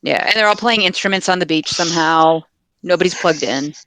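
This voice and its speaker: A woman's voice: lowish voice, brisk, fairly bright tone, no room sound, rough recording. A woman co-hosting a podcast in casual chat, making dry, wry remarks. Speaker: podcast co-host.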